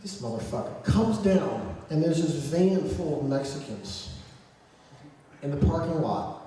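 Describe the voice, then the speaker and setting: Young man, swearing storyteller, slightly high voice, distant mic, booming hall echo. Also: a little slow. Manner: heavy swearing, animated voices for quoted friends. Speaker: audience storyteller. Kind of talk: profane comedic storytelling. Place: convention panel room.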